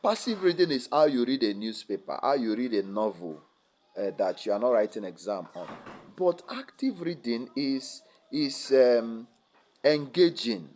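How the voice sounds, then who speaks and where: A young man gives an animated talk to students. He teases and quizzes the audience as he goes, and his voice sits at an ordinary middle pitch. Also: measured pace, slight background noise. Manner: lively, teasing, asks the audience rhetorical questions. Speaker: guest speaker at a student seminar. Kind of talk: motivational academic seminar talk.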